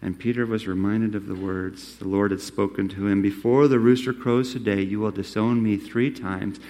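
A man preaching a sermon, acting out quoted lines and swinging between loud, emphatic phrases and hushed ones. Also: lowish voice, steady tone, moderate pace, slight background noise. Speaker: pastor.

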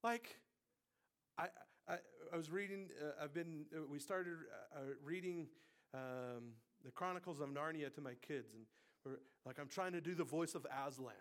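A man in his thirties preaching a sermon, moving between hushed, quiet passages and loud, emphatic bursts. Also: on the high side, moderate pace. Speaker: pastor.

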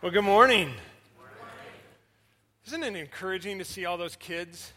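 Bright-voiced man preaching a sermon. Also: high-pitched, measured pace. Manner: animated storytelling, swinging loud and soft. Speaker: senior pastor.

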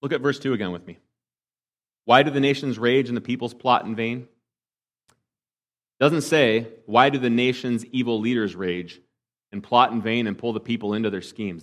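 A pastor delivering a sermon, asking the congregation rhetorical questions and dropping to a hush for emphasis. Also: male voice, medium pitch, moderate pace, pauses often. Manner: swings between emphatic and hushed delivery.

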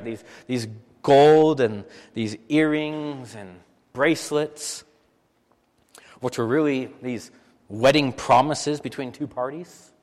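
A man preaching a sermon as pastor, animated and full of rhetorical questions, often repeating phrases for emphasis. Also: on the high side, big-room sound.

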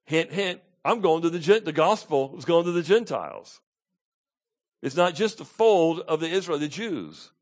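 A man delivers an expository sermon in a somewhat high voice. He moves from loud, emphatic declarations down to hushed, low asides, reading scripture and then explaining it with conviction. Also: very animated, normal speed. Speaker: pastor.

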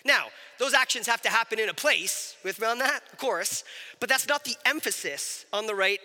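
Bright, high-voiced man preaching in a hall. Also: normal speed. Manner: conversational, animated, asks the audience questions. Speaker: pastor. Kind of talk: sermon.

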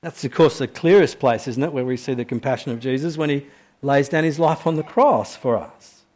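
A man preaching a sermon, moving between soft, slow reflective passages and louder, urgent questions to the congregation. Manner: swings from quiet, low reflection to loud, high-pitched questioning.

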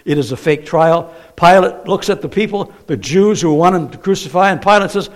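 A man's voice: high-pitched, fairly quick. A man preaching a sermon in a conversational way, often asking the congregation questions.

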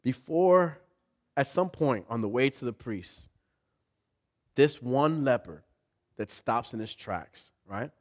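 A male pastor preaching a sermon in an animated way, rising to loud emphasis. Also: medium pitch, takes it slowly, pauses often.

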